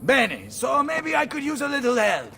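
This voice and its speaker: An actor with an Italian accent playing a boisterous, hot-tempered mercenary general in a game, blustering and shouting curses. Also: male voice, very high voice, sing-song, normal speed, distant mic, background noise, exaggerated voice.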